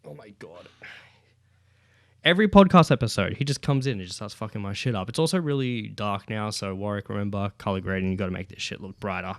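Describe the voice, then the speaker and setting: A man's voice: fairly low pitch, quick pace, hardly any pauses, no room sound, clean studio sound. A man hosting a casual solo podcast from home, rambling, swearing freely and using lots of fillers. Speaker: podcast host. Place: at home with his child nearby. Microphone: podcast microphone.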